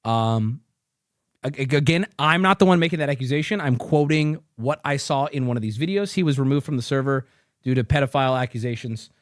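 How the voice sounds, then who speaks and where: A man's voice: medium pitch, a little fast, no echo, clean studio sound. A male streamer doing profane reaction commentary, ranting in disbelief. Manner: incredulous ranting, swings up loud.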